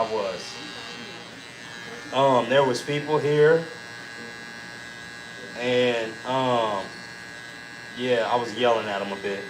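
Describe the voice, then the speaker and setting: In a mid-range voice, this man hosts a casual storytelling podcast, swearing heavily and animatedly acting out his own shouting. The rough recording is reverberant with a little hiss or hum.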